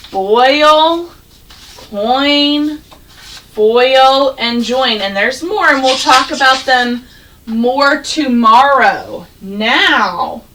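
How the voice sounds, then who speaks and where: A woman teaching a first grade class, sounding out words slowly and praising the children. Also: on the high side, pushed and bright, recorded from a distance, rough recording. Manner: slow, exaggerated sounding out of words, encouraging. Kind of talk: classroom phonics and reading lesson.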